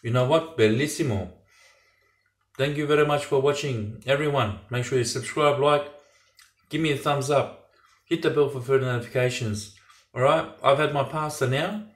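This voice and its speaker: A man chatting enthusiastically to his viewers while cooking at home in his kitchen. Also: mid-range voice. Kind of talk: casual cooking vlog. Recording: echoey kitchen with pots and pans.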